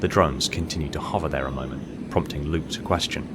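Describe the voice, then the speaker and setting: A man narrating an audiobook short story in a steady, measured storytelling manner. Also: a bass voice, noisy background.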